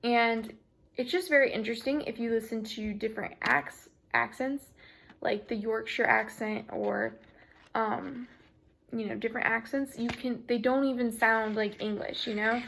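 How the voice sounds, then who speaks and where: A woman's voice: fairly high pitch, steady tone, moderate pace, vocal fry, fairly bright tone, a little hiss or hum. A young woman giving a casual student presentation, chatty and full of "you know" and "like" fillers. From United States.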